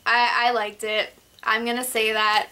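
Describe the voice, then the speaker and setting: A young woman with a bright, slightly high voice talks casually and excitedly in a video chat with a friend. She giggles a lot and often stops and restarts her sentences. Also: measured pace, clear, resonant tone. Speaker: book vlogger.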